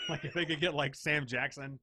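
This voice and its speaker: A man's voice: on the high side, steady tone, moderate pace, pushed and bright, a little hiss or hum. A man co-hosting a podcast in casual chat, wisecracking and crude. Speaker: podcast co-host.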